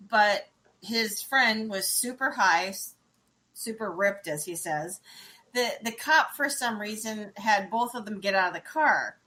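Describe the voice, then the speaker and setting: A woman's voice: a little high, bright, forceful tone. A woman hosting a casual podcast, telling a funny story and laughing often. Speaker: podcast host.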